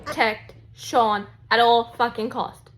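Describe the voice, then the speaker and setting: A young woman vlogging about a book she is reading, gushing, excitable and swearing freely. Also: on the high side, slow. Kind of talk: casual reading vlog.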